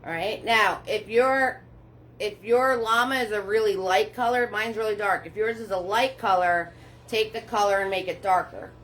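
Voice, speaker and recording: A woman with a medium-pitched, fairly bright voice runs a live paint-along class. Chatty and encouraging, she walks herself through every brush step at a slow, relaxed pace, with little laughs along the way. The recording is rough.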